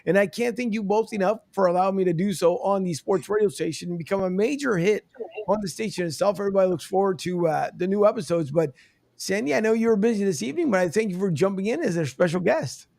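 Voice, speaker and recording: A man hosting a radio talk show in a loose, chatty way, laughing easily between thoughts. His voice sits high and has a gravelly edge. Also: fast, a little mellow.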